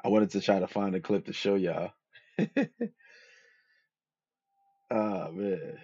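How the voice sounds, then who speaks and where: Slow and steady, a man with a low, dark, slightly rough voice hosts a podcast and talks casually about dating. His advice monologue is slangy, profane and loosely rambling, on a dull, dry lo-fi recording without echo.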